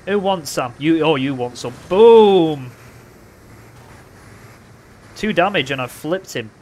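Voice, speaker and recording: High-voiced excitable gamer. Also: male voice, normal speed, a little hiss or hum. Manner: playful, excitable trash talk, bursts of shouting. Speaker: gaming commentator. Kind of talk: casual gameplay commentary.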